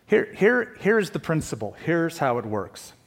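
A man with a fairly high voice preaches a sermon to his congregation. He speaks with earnest conviction, pushing some points out in sudden emphatic bursts and slipping in wry jokes between them. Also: very animated, unhurried, gravelly. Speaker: pastor.

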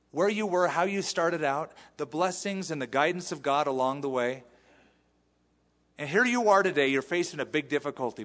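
A male pastor giving an animated sermon, acting out the quotes he reads. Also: a little high, long reverb tail. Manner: animated preaching with acted-out quotes. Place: church sanctuary.

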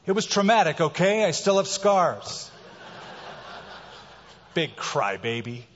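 A man's voice: fairly high pitch, sing-song, takes it slowly, a little hiss or hum. A preacher man in a long-echoing hall. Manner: swings from soft to loud emphatic preaching. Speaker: pastor. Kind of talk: sermon. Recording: reverberant hall, dull sound.

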